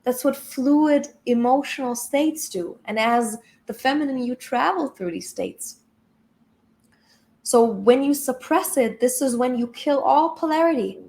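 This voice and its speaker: A woman's voice: high voice, unhurried, a little mellow. A woman spiritual coach giving an emphatic, blunt motivational talk with casual swearing.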